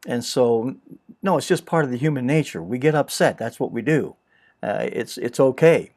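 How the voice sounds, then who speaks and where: A man hosting a reflective talk on inner life, speaking in a mid-range voice. He keeps it conversational and slips into quick imagined exchanges with a listener. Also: medium pitch, animated, a little mellow. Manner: conversational, acts out imagined dialogue. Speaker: host.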